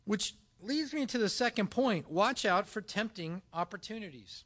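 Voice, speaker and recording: A man preaching a sermon, telling a personal story with lively acted-out dialogue. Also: high-pitched, moderate pace. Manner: animated storytelling, acting out dialogue. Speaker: pastor.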